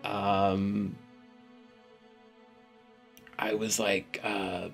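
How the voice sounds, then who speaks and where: A man giving an emotional personal testimony, halting and hesitant, often sinking to a whisper. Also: low-pitched, steady tone, gravelly, soft background music.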